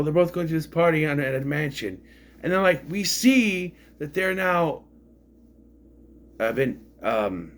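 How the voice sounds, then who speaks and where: A man's voice: mid-range voice, fairly bright tone. A man casually reviewing a film, rambling and frank, swearing freely as he complains. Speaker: movie reviewer.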